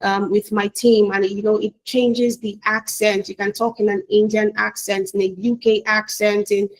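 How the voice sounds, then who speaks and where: A woman's voice: mid-range voice, flat delivery, moderate pace, low-quality recording. A woman giving an enthusiastic promotional talk, speaking directly to the viewer with frequent fillers. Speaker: presenter for a training company.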